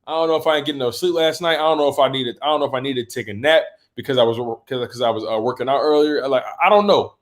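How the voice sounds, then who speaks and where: A man's voice: medium pitch, fast talker, few pauses. A man in a mid-range voice hosts a casual fan livestream and talks through viewer comments as he goes. His delivery rambles, with repeated words, restarts and slangy asides. He sounds a touch drowsy throughout. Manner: yawning and a bit sleepy. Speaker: host of a sports livestream.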